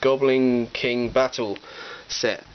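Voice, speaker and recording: Taking it slowly in a steady, mid-range voice, a man vlogs a cheerful show-and-tell of his toy collection, tossing in playful asides. The setting is a room at home lined with display shelves, and the cheap digital camera gives dull sound with faint hiss.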